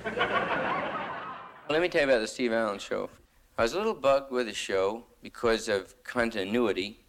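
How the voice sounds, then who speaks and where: A man's voice: mid-range voice, expressive, a little slow, noisy background. A young man doing a rambling, slangy stand-up monologue on stage. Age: young adult. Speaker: stand-up comedian.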